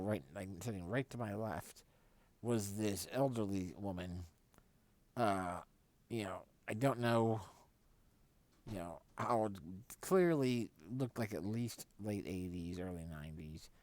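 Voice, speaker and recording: A man hosting a live stream tells a casual, rambling story, often correcting himself and getting animated when he quotes others. His pitch is fairly low, and the recording is dry.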